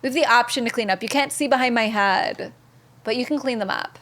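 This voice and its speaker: A woman's voice: a little high, fairly quick, a bit bright. A young woman streaming a video game, chatting in an upbeat way and thanking viewers by name. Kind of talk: casual live-stream commentary.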